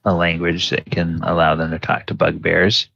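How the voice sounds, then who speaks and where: A man narrating a tabletop game as dungeon master, halting and full of filler words. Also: low-pitched, monotone, vocal fry, bright, forceful tone, breathy edge, dry recording. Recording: dull lo-fi sound.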